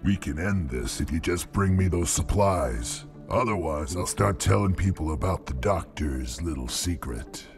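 A man's voice: low voice, expressive, unhurried, few pauses, music in the background. An actor voicing a pushy male thug in a video game, blustering and threatening. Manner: threatening, then defensive. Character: blustering human thug, adult man, pushy.

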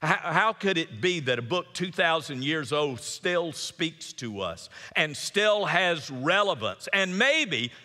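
A middle-aged man preaching a sermon as pastor, emphatic and repetitive, swinging between loud exhortation and hushed earnest tones. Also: a little high, big pitch swings, slow pace, few pauses. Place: church sanctuary. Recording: long church reverb.

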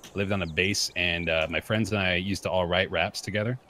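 A man's voice: low-pitched, fairly even intonation, fairly quick, sharp tone, a little hiss or hum. A man from Massachusetts, joking and teasing his friends in a casual gaming chat. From Massachusetts, USA.

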